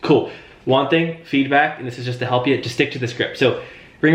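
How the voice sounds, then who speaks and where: A man's voice: mid-range voice, normal speed. Man coaching sales calls in a roomy room. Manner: coaching, demonstrates call lines in a bright friendly tone. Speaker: insurance sales trainer. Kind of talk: live online sales training. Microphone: video call.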